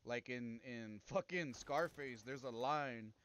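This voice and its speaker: A man's voice: medium pitch, slow pace, a bit bright. A man casually commenting while he plays a strategy game, crude and rambling, now and then reading the game's text aloud. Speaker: gameplay streamer.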